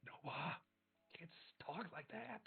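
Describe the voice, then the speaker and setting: A man voicing an eager seven-year-old boy in a tabletop game, with an excited, pleading manner. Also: mid-range voice, moderate pace, vocal fry, narrow, tinny audio. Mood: sly grin.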